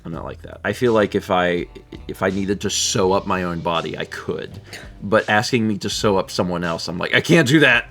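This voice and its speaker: A man's voice: sits low, normal speed, gravelly, fairly bright tone, soft background music. A man co-hosting a live stream, chatting casually and reading out viewer messages with a laid-back manner and frequent chuckles.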